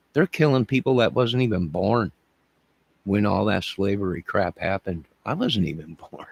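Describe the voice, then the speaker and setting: The recording is dry, and this middle-aged man's medium-pitched voice has vocal fry. He's a channel host rambling through a livestream, emotional and repetitive, addressing his chat directly.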